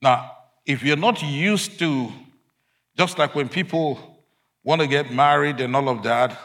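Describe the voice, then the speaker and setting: A man preaching a sermon, emphatic, swinging between loud declarations and quiet asides. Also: on the high side, measured pace.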